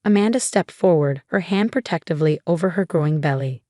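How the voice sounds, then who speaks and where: A woman reading a scripted first-person story in an even, measured way. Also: fairly low pitch, dry recording, clean studio sound.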